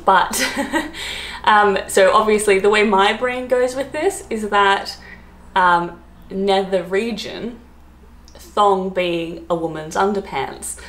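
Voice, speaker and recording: A woman's voice: medium pitch, slow pace. Giggly Australian woman in an echoey room. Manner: giggly, chatty, lots of "like" fillers. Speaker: travel vlogger. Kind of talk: casual chat to camera. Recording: roomy echo.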